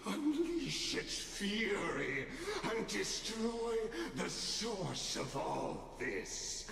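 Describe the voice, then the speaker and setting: An actor playing a theatrical male villain in a video game, with a dramatic, drawn-out delivery. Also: sits high, sing-song, gravelly, a crowd in the background, heavily acted. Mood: menacing. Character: grandiose male villain demigod, menacing and theatrical. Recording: game audio with reverb and loud music.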